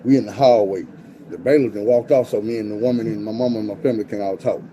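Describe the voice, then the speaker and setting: Animated man telling a prison story. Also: on the low side, quick pace, a little hiss or hum, low-quality recording. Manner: animated, profane street slang, acts out quotes. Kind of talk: casual storytelling.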